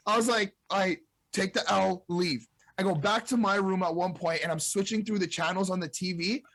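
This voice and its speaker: A young man with a slightly high voice rambles through a profane story, restarting sentences as he goes. He is from Montreal's South Shore. The sound is close and dry. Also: moderate pace, hardly any pauses, fairly bright tone, no room sound. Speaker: guest. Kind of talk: casual storytelling.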